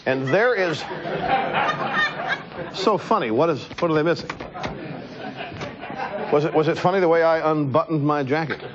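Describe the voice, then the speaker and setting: A man hosting a TV talk show, delivering an animated, joking political monologue in the studio and talking to his crew. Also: on the high side, normal speed, pauses often, a loud crowd, very noisy. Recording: dull lo-fi TV broadcast.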